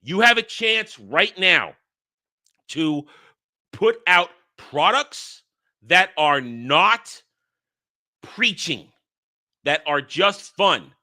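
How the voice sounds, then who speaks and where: A man hosting his own channel delivers a fired-up commentary rant in a fairly high, very bright, cutting voice. He hammers single words for emphasis and slips into mocking quoted voices between crude insults. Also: expressive, extremely slow, pauses often. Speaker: host. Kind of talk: ranting commentary monologue.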